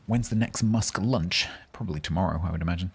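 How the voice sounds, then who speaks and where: A man's voice: low voice, fast talker, vocal fry, a little hiss or hum. A man live-streaming a game, chatting casually and jokingly with his chat.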